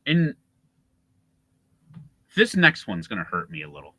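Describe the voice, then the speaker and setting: A man's voice: lowish voice, wildly swooping pitch, measured pace, pushed and bright, no echo, low-quality recording. A man co-hosting a casual sports podcast, ranting with lots of swearing and laughter. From Chicago area. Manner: profane, ranting, laughing often. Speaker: podcast co-host.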